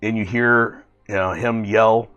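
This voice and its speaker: A man narrating as game master of a tabletop role-playing game, in a halting, filler-heavy way. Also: lowish voice, steady tone, fairly bright tone, smooth, muffled recording, soft background music.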